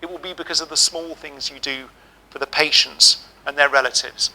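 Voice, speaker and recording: A middle-aged man giving a keynote speech, telling lively, humorous stories. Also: on the high side, normal speed, poor audio. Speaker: keynote speaker. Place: auditorium.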